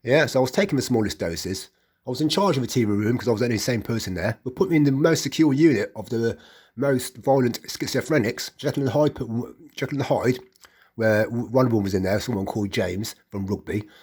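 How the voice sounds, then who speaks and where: Husky rambling West Midlands man. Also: mid-range voice, fast, a little mellow. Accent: West Midlands English. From England. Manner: rambling, repetitive, with stammered restarts. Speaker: vlogger. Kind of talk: casual personal account.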